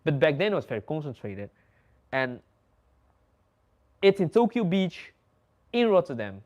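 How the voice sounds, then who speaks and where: With a slightly high voice and no rush, a young man from the Netherlands hosts a relaxed talk, swearing and laughing through his lively anecdotes. The recording has a dull quality.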